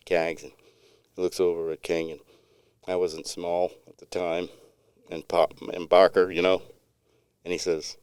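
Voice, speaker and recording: A man's voice: very deep voice, a little mellow, smooth, no echo, studio quality. A middle-aged man co-hosting a podcast, telling a long story in a rambling, laid-back way with many restarts. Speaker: podcast co-host. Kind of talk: casual storytelling chat.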